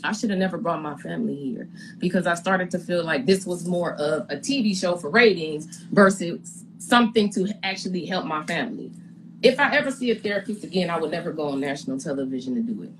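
A young adult woman candidly recounting a conflict in an interview, animated and blunt, acting out what she and others said. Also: lowish voice, a little fast, a little hiss or hum, poor audio. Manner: animated, re-enacts her own and others' words, blunt slang. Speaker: reality TV personality giving her side.

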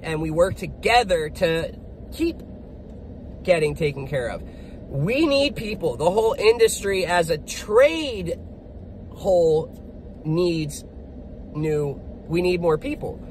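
A man's voice: sits high, slight background noise, rough recording. A man who is a generator technician and small business owner, talking in a blunt, profane, upbeat vlog between jobs. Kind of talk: casual motivational vlog.

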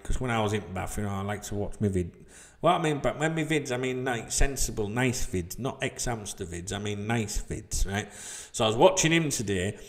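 Middle-aged man, blunt and foul-mouthed, mid-pitched voice, vlog rant. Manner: sweary, blunt, ranting. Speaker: football channel vlogger. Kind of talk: ranting vlog to subscribers. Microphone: desk microphone.

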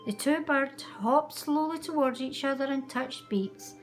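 A woman reading a children's picture book aloud with an expressive, animated delivery. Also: sits high, a little slow, faint music behind. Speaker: storyteller. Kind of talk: children's story read aloud.

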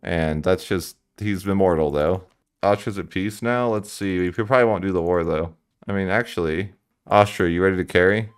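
A man's voice: low voice, moderate pace, smooth. A man giving casual, thinking-aloud commentary while playing a strategy game, with sudden exasperated outbursts.

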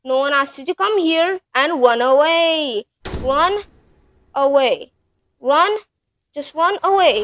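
A woman with a high voice commentates her own horror game run. She talks to her viewers in a panicky rush and swears constantly. It sounds like a desk mic while gaming. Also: a bit bright, a little hiss or hum. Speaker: gaming channel host.

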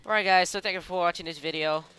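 Excitable gamer doing commentary, lots of giggling, bright clear voice. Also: fast. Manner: giggly, excitable, with high yelps. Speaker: gameplay commentator. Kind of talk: gameplay commentary.

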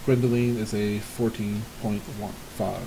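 A man's voice: fairly low pitch, steady tone, normal speed, gravelly, dark tone, slight background noise, low-quality recording. A man running a tabletop game as game master, casual and laughing often.

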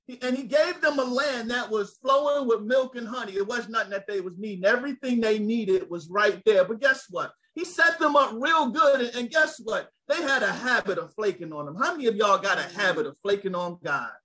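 A man preaching a sermon, lively and conversational, calling out to his listeners. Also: high-pitched, brisk, hardly any pauses, poor audio. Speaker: pastor.

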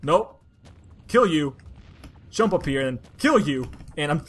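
A woman giving casual commentary over a platformer, talking to herself in frustration and bursting into loud complaints. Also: low voice, lively intonation, moderate pace, pauses often. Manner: exasperated, frustrated self-talk that bursts into loud outbursts. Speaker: let's play gamer.

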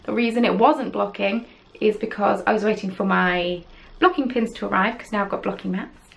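A woman hosts her podcast in a loose, rambling, chatty way, poking fun at herself as she goes. Her mid-pitched voice has a gravelly fry, a steady tone and a moderate pace. The rough recording sounds like it was made at home on a camera.

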